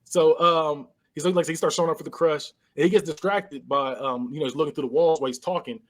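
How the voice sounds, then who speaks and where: Animated man recapping a movie. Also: on the high side, quick pace. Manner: animated storyteller acting out characters' lines. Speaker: podcast co-host. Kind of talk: casual movie recap chat.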